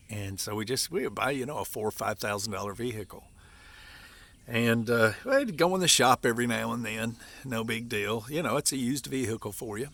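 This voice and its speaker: A man in his fifties from Appalachia, ranting to the camera as a vlogger in an aggravated, folksy, repetitive way with sudden high exclamations. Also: vocal fry, a bit bright.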